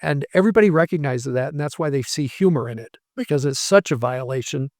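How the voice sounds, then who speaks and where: A man's voice: mid-range voice, animated, quick pace, dry recording, studio quality. A man, a language professor being interviewed, patiently explaining ideas through worked examples and short anecdotes.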